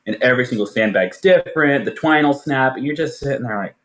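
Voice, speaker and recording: Laughing, animated man chatting. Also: mid-range voice, quick pace. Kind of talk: casual chat.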